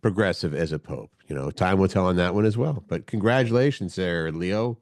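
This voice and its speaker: A man's voice: deep voice, a little fast, darkish tone, dry recording, studio quality. A middle-aged man co-hosting a morning show, chatting casually and chuckling through the banter. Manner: easygoing, chuckling, banter-driven. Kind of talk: casual chat.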